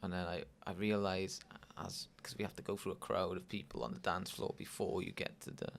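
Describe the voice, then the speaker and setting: A man's voice: deep voice, level tone, brisk, gravelly, slight background noise. A man, co-hosting a podcast, telling a laid-back story with dry asides. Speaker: podcast co-host. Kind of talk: casual chat.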